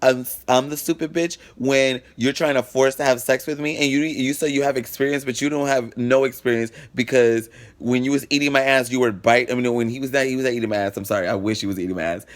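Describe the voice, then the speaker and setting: A man with a medium pitch and steady tone talks at a quick pace. He's vlogging a personal story as casual storytelling, profane, frank and dramatic, voicing the exchanges he quotes.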